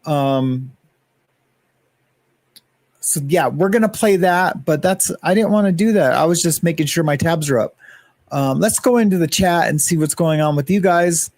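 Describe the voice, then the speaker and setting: A man chatting loosely on his own livestream, greeting viewers one by one as he rambles between topics. His voice sits on the higher side, and the sound is dry and close with little room echo. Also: normal speed, darkish tone. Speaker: livestream host. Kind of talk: casual livestream chat.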